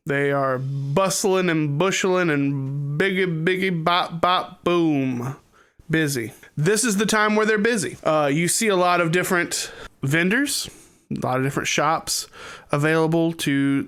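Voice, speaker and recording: A man's voice: a little high, fairly bright tone, clear, resonant tone. A man narrating as dungeon master of a tabletop game, playful and improvising his scene descriptions.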